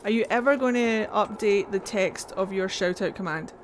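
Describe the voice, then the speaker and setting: A woman's voice: mid-range voice, moderate pace, slight background noise. Woman streamer, casual chatty delivery, mid-range voice, talks to her chat while playing. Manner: chatty, greets viewers and reads game text aloud. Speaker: game streamer.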